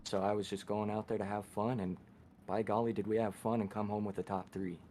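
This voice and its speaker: A man's voice: lowish voice, level tone, brisk, warm tone, slight background noise. A young man being interviewed after a sim race, easygoing and grateful, joking lightly.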